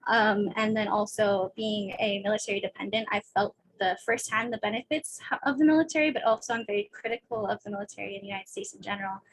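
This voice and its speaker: A young woman on a video call, a student panelist speaking candidly in a rushed, nervous way. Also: mid-range voice, slight background noise, poor audio. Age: young adult. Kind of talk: casual panel talk.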